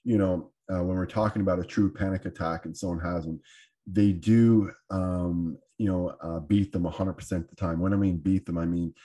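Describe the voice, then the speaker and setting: Husky low-voiced Canadian man, halting. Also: steady tone, mellow. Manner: hesitant, many fillers and restarts. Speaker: podcast host. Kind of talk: casual conversation.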